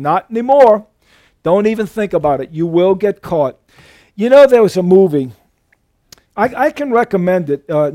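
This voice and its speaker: A man's voice: sits high, darkish tone, dry recording, clean studio sound. A male pastor preaching a sermon, telling stories in a folksy, emphatic way.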